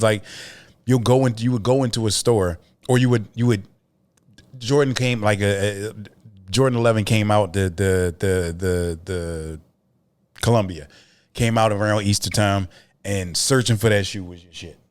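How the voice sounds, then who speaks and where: A man, co-hosting a podcast in casual chat, telling animated stories with profanity and lots of repeats. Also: on the low side, moderate pace. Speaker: podcast co-host.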